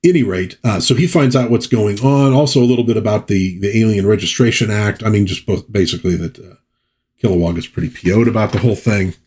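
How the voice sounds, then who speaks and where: A man's voice: fairly low pitch, fast, darkish tone, breathy edge. A man hosting a comic book review show who narrates the story casually, reads panel dialogue aloud and breaks off for chatty asides. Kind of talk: casual commentary.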